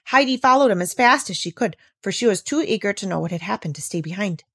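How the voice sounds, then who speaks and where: A woman reading a classic children's story aloud with gentle, careful storytelling. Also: mid-range voice, expressive, quick pace, slightly rough, no echo, clean studio sound. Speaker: reader. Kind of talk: storybook read-aloud narration.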